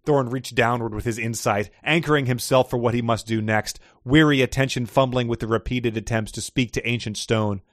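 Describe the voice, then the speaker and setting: This male podcast host has a medium-pitched, fairly bright voice with fairly even intonation, a moderate pace and hardly any pauses. Recorded dry on a close mic, he reads prose excerpts dramatically and expressively amid casual chat, laughing easily and often.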